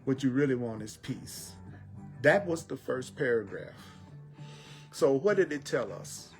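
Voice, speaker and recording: A man teaching spiritual lessons in an emphatic style, repeating phrases and slowing down on key words. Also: mid-range voice, sing-song, gravelly, faint music behind. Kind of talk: repetitive inspirational teaching.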